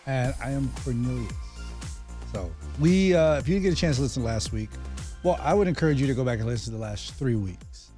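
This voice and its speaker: A man's voice: medium pitch, expressive, fairly quick, mellow, soft background music. A man in his thirties co-hosting a casual podcast, talking in a loose, rambling way with many fillers and restarts. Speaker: podcast co-host. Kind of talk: casual chat.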